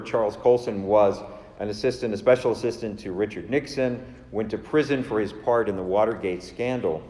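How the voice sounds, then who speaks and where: A male preacher delivering a sermon with emphatic repetition of key words. His voice is mellow and relaxed. It echoes through a roomy church hall with a long tail. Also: on the low side. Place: church sanctuary.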